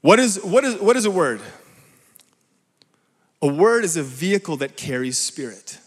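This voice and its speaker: A man delivers a lively sermon, his fairly high voice ringing with a long reverb through a large hall. He keeps turning to the crowd with quick questions. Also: slightly rough. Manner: animated, asks the crowd "right?" often. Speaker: preacher.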